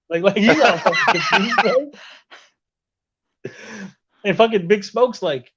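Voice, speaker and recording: A man's voice: high voice, brisk, lo-fi sound. A man talking over a video call from a hotel room, telling a story in casual chat with lots of swearing and acting out other people's lines. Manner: animated, profane, acts out others' lines. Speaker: podcast host.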